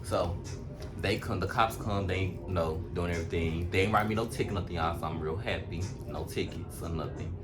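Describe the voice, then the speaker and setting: Young man, animated storytime, low voice. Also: fairly quick. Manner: animated, chatty storytelling with lots of fillers. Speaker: vlogger. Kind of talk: casual storytime vlog. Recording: music playing underneath.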